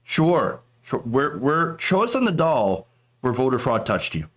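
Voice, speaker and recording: A man's voice: medium pitch, big pitch swings, normal speed, fairly bright tone. Sarcastic man hosting political commentary. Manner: sarcastic, mocking.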